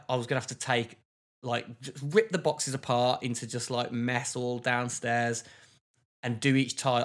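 A man, co-hosting a podcast and telling a story in casual chat, with lively bursts of exasperation. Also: medium pitch. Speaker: podcast co-host.

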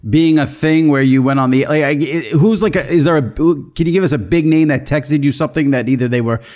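A man's voice: on the high side, a little fast, a little mellow. A man interviewing a guest in a casual way, often restarting his questions as he asks them. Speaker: podcast interviewer.

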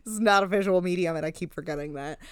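A young adult woman co-hosting a casual chat show, recapping a reality show in an animated way, swearing freely. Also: lowish voice, racing, clear, resonant tone, no room sound, clean studio sound. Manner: animated storytelling, acts out quotes, swears freely.

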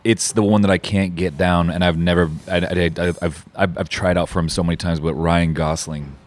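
Deep-voiced man, easy laugh. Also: little pitch movement. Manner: laughs easily, quick reactions. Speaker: voice actor guest. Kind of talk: casual chat.

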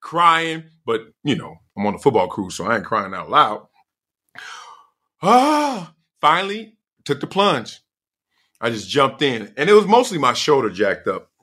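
A middle-aged man with a lilt spins a story on his podcast. His voice is bright and forward, and it swoops up and down as he acts out what everyone said and every crash and yelp. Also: mid-range voice, unhurried. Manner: expressive, acts out quoted voices and sounds, laughs often. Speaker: podcast host. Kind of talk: animated storytelling.

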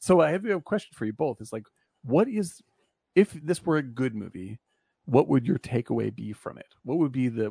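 A man's voice: medium pitch, gravelly, warm tone, slightly rough, no echo. A man hosting a casual film discussion, blunt and profane, rambling with lots of fillers.

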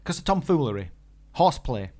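A man's voice: medium pitch, sing-song, a little fast, darkish tone. A man co-hosting a podcast, chatting casually and joking, with lots of fillers and restarts. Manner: joking, rambling with many fillers. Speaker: podcast co-host. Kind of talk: casual chat.

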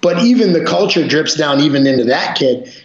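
A man, a martial arts instructor and podcast guest, telling gym stories in a profane, animated way. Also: fairly high pitch, fairly quick. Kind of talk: casual podcast chat. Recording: roomy, dull lo-fi sound.

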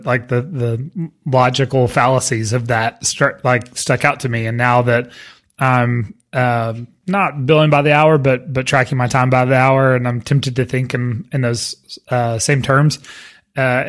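A man co-hosting a relaxed podcast conversation. He speaks with a halting flow, often restarting his phrases mid-thought. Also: mid-range voice. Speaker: podcast co-host. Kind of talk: casual chat.

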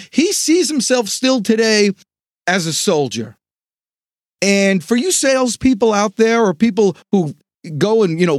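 A man hosting a sales podcast, delivering an energetic motivational pep talk with dramatic pauses. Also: high-pitched, no room sound, studio quality. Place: home studio.

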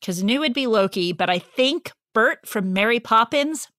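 Woman, podcast co-host, playful casual chat, higher voice, dry close sound. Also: lively intonation, normal speed, a bit bright, no room sound.

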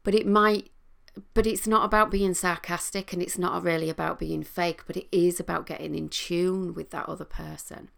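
A middle-aged woman, a coach and trained therapist, explaining listening skills in a calm, teaching manner. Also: fairly low pitch, normal speed, vocal fry. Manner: calm, explanatory, with sing-song demonstrations. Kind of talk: talking to camera, teaching.

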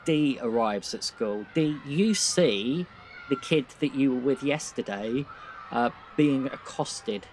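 A British man narrating a tabletop role-playing game as game master, relaxed and chuckling. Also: mid-range voice, slow pace, slight background noise.

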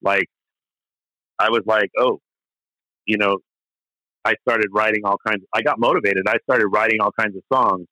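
Middle-aged guy musician rambling thru band stories, bright forceful voice, dry close sound, lots of um and restarts. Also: on the low side, fairly even intonation, normal speed, pauses often, dry recording, low-quality recording. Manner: rambling, many restarts and fillers, candid and profane. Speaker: interview guest, musician. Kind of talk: casual storytelling interview.

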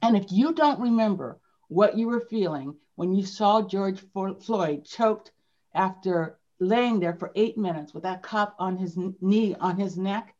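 A woman appears as a sales leader guest in a conversational interview, speaking emphatically and repeating her key phrases. Her mid-range voice has a darkish tone and an unhurried pace, recorded with dull lo-fi sound.

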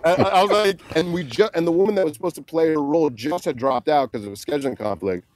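A man being interviewed, telling a story with laughs and acting out the people he quotes in loud voices. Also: a little high, very animated, fast, hardly any pauses, crowd noise. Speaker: guest, comedian and prank filmmaker. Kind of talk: animated anecdote telling.

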